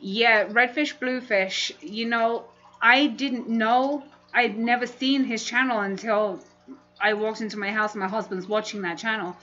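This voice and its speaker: A woman's voice: medium pitch, sharp tone, dull audio. A woman hosting a casual livestream, chatting and laughing often as she reads comments aloud. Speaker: livestream host.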